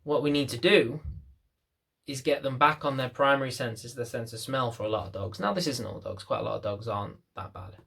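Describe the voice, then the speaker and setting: A man's voice: medium pitch, fairly quick, creaky, a bit bright. A man working as a dog trainer, explaining to camera in a chatty way, repeating phrases and acting out little scenes. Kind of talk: casual explainer talk to camera.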